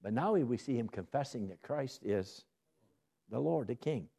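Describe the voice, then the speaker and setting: Man, Bible study sermon, mellow voice, lively pitch swings, questions answered by himself. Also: normal speed, gravelly, slightly rough. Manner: lively, asks questions and answers them, rising to emphatic bursts. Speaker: Bible teacher.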